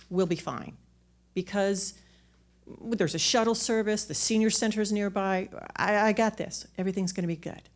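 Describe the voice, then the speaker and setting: Speaking into a microphone on a theater stage, a woman with a fairly low pitch tells a personal story. She is candid and pokes fun at herself, often restarting her words.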